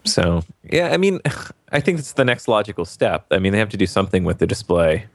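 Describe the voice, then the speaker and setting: A man's voice: on the low side, big pitch swings, brisk, no room sound. A man co-hosting a casual tech podcast, wry and questioning, laughing easily. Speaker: podcast co-host.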